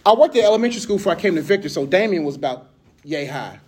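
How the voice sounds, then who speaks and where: A man's voice: high voice, rapid-fire. Laughing, chatty male preacher. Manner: animated, laughing, conversational. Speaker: speaker. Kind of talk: casual sermon with storytelling.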